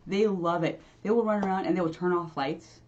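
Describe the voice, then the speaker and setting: A woman's voice: on the low side, steady tone, fairly quick, a little mellow, muffled recording, slight background noise. A woman spiritual medium chatting casually on a livestream, rambling, laughing often and restarting her sentences. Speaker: spiritual medium and channel host. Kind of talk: casual livestream chat answering viewers.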